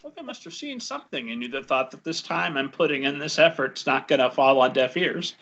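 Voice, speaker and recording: A man hosting an interview, asking halting, chuckling questions with fillers. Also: medium pitch, lively intonation, creaky, fairly bright tone. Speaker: podcast host. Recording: lo-fi muffled audio.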